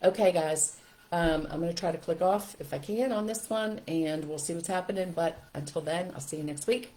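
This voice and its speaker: An older woman teaching a live video lesson as a parenting coach, animated and chatty. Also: fairly low pitch, moderate pace.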